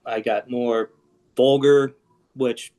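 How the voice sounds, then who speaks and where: A man's voice: mid-range voice, takes it slowly. A middle-aged man, a guest on an interview podcast, talking candidly and with self-deprecating humor about his past. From Seattle area. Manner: frank and self-deprecating, with lively asides.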